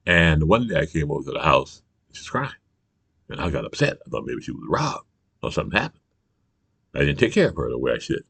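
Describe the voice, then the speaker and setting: A man's voice: extremely low pitch, very animated, a little fast, a bit bright. An older man hosting his own show, in a heated, profane political rant, often asking if you understand. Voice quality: gravelly. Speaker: show host. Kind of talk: ranting political monologue.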